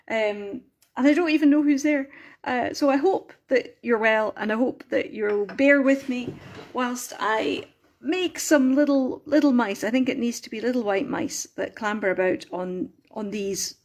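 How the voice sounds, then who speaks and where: A middle-aged woman chats through a craft livestream in a fairly high voice. She rambles, stops herself mid-thought and apologises often, keeping the talk loose and homely. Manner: chatty, self-interrupting, apologetic. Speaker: craft maker hosting a livestream. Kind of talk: rambling casual live chat.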